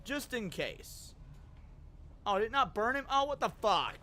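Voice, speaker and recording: A male streamer offers casual gaming commentary, excitable yet frustrated, swearing and bantering with his chat. His voice is very high-pitched, his pace measured, with slight background noise.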